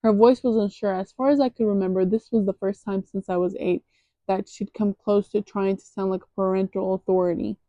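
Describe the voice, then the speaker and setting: A woman's voice: medium pitch, fairly even intonation, brisk, warm tone, dry recording, muffled recording. A young woman casually reading a novel aloud as an amateur audiobook, stumbling over words and stopping for chatty asides.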